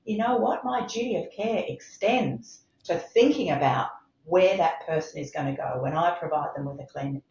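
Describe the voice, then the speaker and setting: A woman's voice: low-pitched, animated, normal speed, a little mellow. A middle-aged woman, a medical director, speaking emphatically in a podcast interview. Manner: impassioned, emphatic, repeats for stress. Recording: roomy, slightly dull sound.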